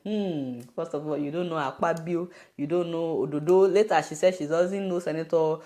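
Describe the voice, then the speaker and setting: A woman with a Nigerian accent giving an animated, mocking commentary on a video, often exclaiming in disbelief. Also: deep voice, moderate pace.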